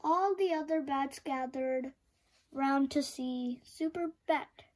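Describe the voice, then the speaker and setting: High-voiced woman reading a picture book aloud. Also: slow pace. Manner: expressive, with sound effects. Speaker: storyteller. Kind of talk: children's book read-aloud.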